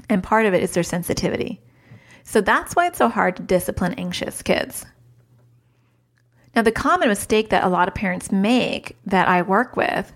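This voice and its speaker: A woman in her thirties hosting a parenting podcast, talking casually, chatty and self-mocking, mixing advice with stories from home, into a studio mic. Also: medium pitch. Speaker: podcast host and parenting coach.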